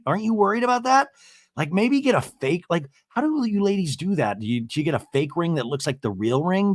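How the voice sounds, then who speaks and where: A chatty, animated male podcast host recapping reality TV with jokes and asides. His voice sits a little high and swings widely in pitch. The sound is close and very dry. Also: no echo. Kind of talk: casual comedic TV recap.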